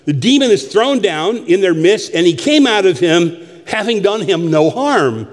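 A man preaching a sermon, animated and joking, asking the congregation questions. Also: high-pitched, normal speed. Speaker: pastor. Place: church sanctuary. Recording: long hall reverb.

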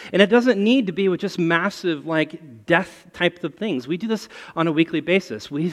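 A man preaching a sermon and telling a personal story in an animated way. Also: sits high. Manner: animated, storytelling with rising excitement. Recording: long hall reverb.

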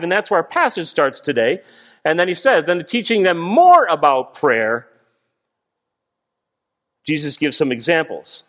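Man, sermon, high-pitched, animated, acts out voices. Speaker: guest preacher.

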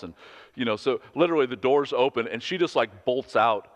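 A man's voice: medium pitch, fast. A man in his thirties, a pastor delivering an earnest, conversational sermon full of personal stories. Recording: long hall reverb.

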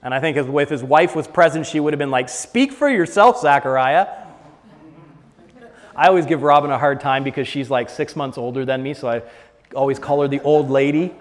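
A male pastor preaching a sermon, swinging between hushed lines and loud, drawn-out ones. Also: mid-range voice, fairly even intonation, big-room sound.

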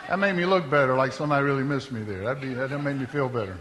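A man preaching a sermon, folksy and joking, dropping to hushed storytelling and then rising to loud exclamations. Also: on the high side, racing, hardly any pauses, long reverb tail, noisy background. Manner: folksy, humorous asides. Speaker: pastor. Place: church sanctuary.

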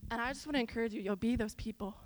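A young woman from the Midwest preaching to a church as a children's minister, animated and emphatic, moving between loud exhortation and soft, slangy asides. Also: on the high side, racing, rough recording. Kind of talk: casual sermon.

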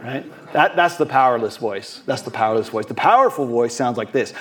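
A man's voice: mid-range voice, lively intonation, fairly quick, hardly any pauses, fairly bright tone. A man giving a sermon as a guest preacher, earnest, often repeating and restarting words, now and then acting out short quoted voices. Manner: acts out quoted voices briefly.

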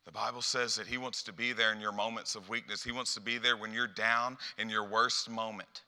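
Bright-voiced man preaching in a hall. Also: lowish voice, brisk. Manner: animated and rhetorical, repeating words when excited. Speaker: youth preacher. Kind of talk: sermon.

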